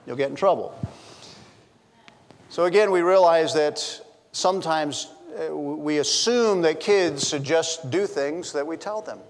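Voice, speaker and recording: Speaking at a measured pace in a slightly high voice, a middle-aged pastor delivers a sermon with the big-room sound of a church sanctuary. He tells funny stories about his family and bantres with the congregation in chatty asides.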